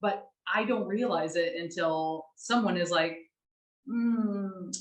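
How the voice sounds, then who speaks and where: A woman's voice: fairly low pitch, a little slow, roomy sound, poor audio. A woman life coach speaking frankly in casual chat, swearing now and then.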